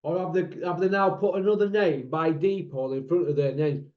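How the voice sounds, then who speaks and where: Man, blunt and mocking, slightly high voice, roomy dull-sounding recording. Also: normal speed. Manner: blunt, mocking, rhetorical questions. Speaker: boxing channel host. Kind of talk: casual opinion monologue. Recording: echoey room, dull lo-fi sound.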